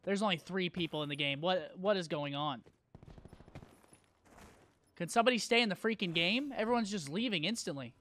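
A man's voice: high voice, a little fast, pauses often, fairly bright tone. A man doing live gameplay commentary as a gaming YouTuber, hyping himself up and mocking his own mistakes with sudden outbursts. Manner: hype, self-mocking trash talk, sudden outbursts.

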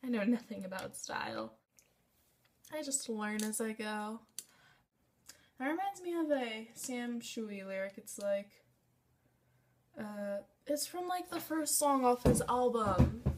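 A woman's voice: a little high, animated, slow pace, long pauses, slight background noise. A young woman vlogging at home, chatting in a rambling, self-deprecating way while she does her makeup. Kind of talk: casual makeup vlog.

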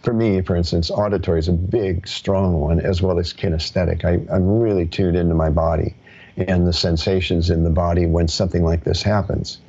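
A man with a very deep, gravelly voice answers questions in a live teaching session, relaxed and reassuring. There is a husky edge to his tone, and the audio is dull and lo-fi. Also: fairly quick. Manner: relaxed, reassuring, with many fillers. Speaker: teacher of ancestral practice.

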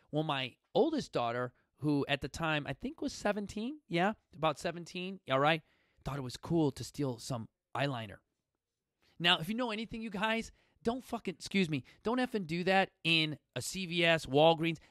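A man in his forties with a slightly higher voice delivers a motivational story straight to the audience. His delivery is emphatic and blunt, swinging from loud bursts to quiet asides, and it is recorded close and dry with no room sound. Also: no room sound. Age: 40s. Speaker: gym founder and podcast host. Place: coastal Southern California gym studio.

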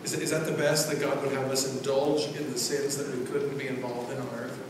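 A man preaching a sermon as pastor, swinging between loud proclamations and quiet asides. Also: medium pitch, flat delivery, brisk. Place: large church sanctuary. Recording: echoey church hall from far off, noisy.

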